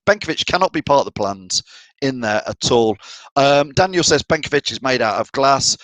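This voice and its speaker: A man's voice: mid-range voice, lively intonation, normal speed, fairly bright tone, no room sound, low-quality recording. A middle-aged man from the of England hosting a fan live stream, chatting and reading out viewer comments. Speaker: fan channel host.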